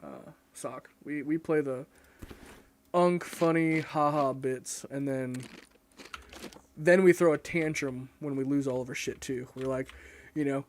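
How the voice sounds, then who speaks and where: A man's voice: medium pitch, fairly even intonation, normal speed. A young man chatting casually and rambling while he streams a game, cursing often and mocking himself. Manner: rambling, profane, self-mocking. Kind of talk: casual live-stream chat while gaming.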